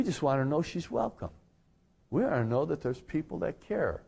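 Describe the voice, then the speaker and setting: Middle-aged man, pastor preaching on radio, chatty storyteller, voice leaps up high at the excited parts. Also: a little fast, gravelly, slightly rough. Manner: conversational storytelling with animated pitch jumps. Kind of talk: radio sermon.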